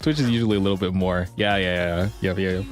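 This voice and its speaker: A man's voice: low voice, fairly even intonation, fast, soft background music. A man hosting a casual live stream, greeting chatters one by one and cracking self-deprecating jokes. He sounds a little out of breath. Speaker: livestream host.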